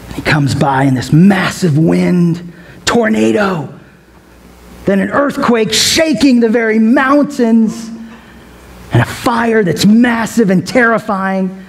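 A male pastor preaching a sermon, telling a story in an animated way. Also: high voice, takes it slowly, creaky.

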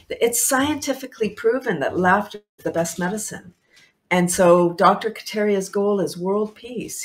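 A woman guest on a talk show, speaking with bubbly enthusiasm, laughing often and repeating herself for emphasis. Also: medium pitch.

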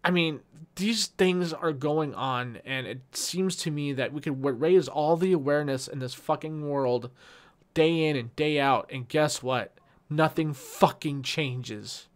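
A YouTuber delivers an impassioned, heated vlog rant, swearing often and frequently restarting his sentences. His voice sits on the high side, and he speaks at a measured pace.

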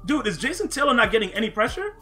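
A man with a high, sharply bright voice gives live commentary over his own football gameplay. He trash-talks, answers his viewers, and bursts into shouts when a play goes wrong. Faint music plays underneath. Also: expressive, a little fast. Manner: chats with viewers while playing. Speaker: gaming streamer.

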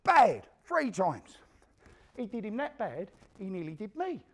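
In a one-man stage play before a live audience, a man with a voice that sits high plays an East End career criminal, recounting his violent story at a measured pace. The heavily acted, gritty monologue is full of coarse, swearing East London street talk, and he acts out what others said.

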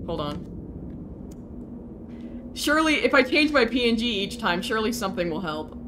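Slow-talking frustrated woman streamer. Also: a little high, very animated, background noise. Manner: frustrated, exclaiming and groaning at the game. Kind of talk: gameplay stream chat.

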